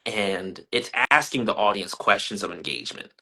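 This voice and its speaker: A young man, an artist being interviewed, giving earnest, thoughtful answers that turn animated when he tells stories. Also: fairly low pitch, moderate pace, gravelly.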